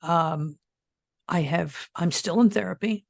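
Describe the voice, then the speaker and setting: Gravelly older woman, frank guest. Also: on the low side, takes it slowly, no echo, studio quality. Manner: frank, plainspoken, swears freely. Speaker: guest, former death investigator. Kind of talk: casual interview talk.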